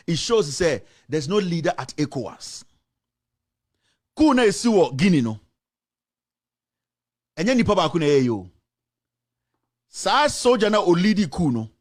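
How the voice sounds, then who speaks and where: A man from Ghana with a Ghanaian accent, hosting a political commentary show with impassioned, indignant ranting and switching between English and Twi. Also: on the high side. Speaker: show host.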